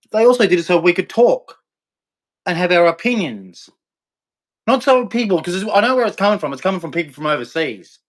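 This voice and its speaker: A man's voice: on the high side, fairly bright tone. A middle-aged Australian man ranting angrily to camera, profane, aggressive and repetitive. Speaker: vlogger. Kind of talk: angry rant to camera.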